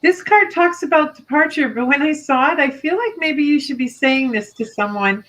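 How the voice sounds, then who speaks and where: A woman co-hosting a live online stream, giving gentle advice from drawn cards. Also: sits high, moderate pace, hardly any pauses, low-quality recording. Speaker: psychic card reader. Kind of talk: live online card reading.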